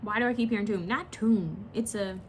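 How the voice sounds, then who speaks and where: A woman giving a casual pick-a-picture card reading, chatty and rambling, often pausing to search aloud for a word. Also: mid-range voice, a little hiss or hum. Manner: swears and laughs casually while talking. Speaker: tarot card reader.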